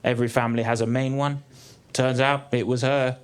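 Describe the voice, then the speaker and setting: A young man doing a stand-up comedy set on a theatre stage, deadpan and dry, with the odd high exclaimed punchline. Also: brisk, clear, resonant tone. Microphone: stage mic. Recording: live theatre with crowd laughter. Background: audience laughing.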